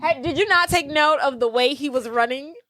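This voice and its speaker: A woman's voice: high-pitched, brisk, fairly bright tone, no room sound. A woman co-hosting a podcast, casually and animatedly recapping a movie with slang. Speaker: podcast co-host.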